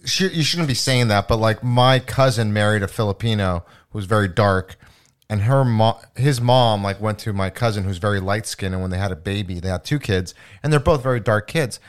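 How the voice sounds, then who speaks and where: A man co-hosting a casual podcast, joking and telling animated stories. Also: lowish voice, brisk, clear, resonant tone.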